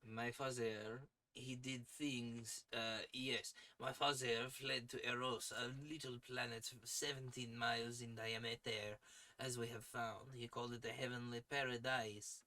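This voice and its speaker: A scheming would-be conqueror of Earth from an old pulp story, as a man reads him aloud speaks in a put-on French accent. He lays out his plans slowly and grandly, in a bright, forward voice at a middling pitch. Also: little pitch movement, rough recording. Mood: grandiose. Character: scheming male space tyrant plotting world conquest. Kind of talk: dramatic reading of pulp fiction.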